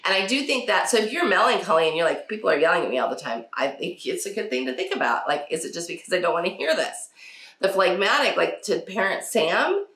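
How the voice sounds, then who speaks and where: A woman's voice: medium pitch, very animated, brisk, a bit bright. A woman hosting a casual parenting talk. She laughs often and acts out quotes from her children. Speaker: podcast host. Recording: echoey room.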